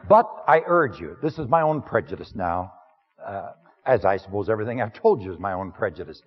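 Husky, lively-voiced man teaching preachers. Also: fairly low pitch, brisk, long reverb tail, dull audio. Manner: folksy, earnest, frequent uh fillers. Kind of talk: lecture on preaching craft.

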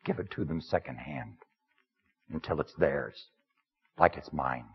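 A man's voice: very deep voice, unhurried, slightly rough, lo-fi sound, pitched below the performer's own voice, exaggerated voice. A man preaching in character as a plainspoken, self-deprecating working man telling a story. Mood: earnest. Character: humble rough working man, wry storyteller.

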